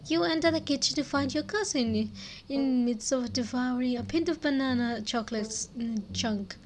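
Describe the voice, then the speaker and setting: A woman's voice: sits high, moderate pace, a little hiss or hum. A young adult woman casually reading a narrative game aloud and adding chatty asides. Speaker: gaming streamer.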